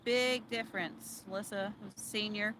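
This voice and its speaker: A woman's voice: medium pitch, steady tone, moderate pace, fairly bright tone, slight background noise. A woman with a New Jersey accent co-hosting a live fishing stream, teasing and easygoing. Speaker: host's wife, co-host. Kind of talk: casual live-stream chat. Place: outdoors at a fishing spot.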